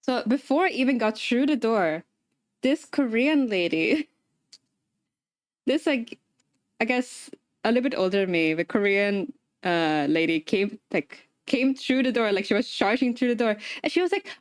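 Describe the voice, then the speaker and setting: A woman livestreamer telling a story in casual chat, animated and laughing often as she talks while assembling a paper craft. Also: fairly high pitch, measured pace, no echo, studio quality. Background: talking while assembling a paper craft.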